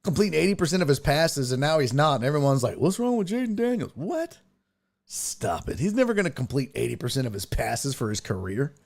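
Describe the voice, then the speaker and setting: A man's voice: mid-range voice, animated, fast, vocal fry, hardly any pauses. A man hosting a sports talk show, chatting casually and thinking aloud as he reacts to the news.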